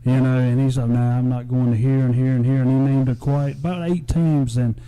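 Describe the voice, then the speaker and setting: A man co-hosting a casual radio sports talk show, chatty and quick with asides and questions to his co-host. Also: mid-range voice, steady tone, mellow, clear, resonant tone, low-quality recording.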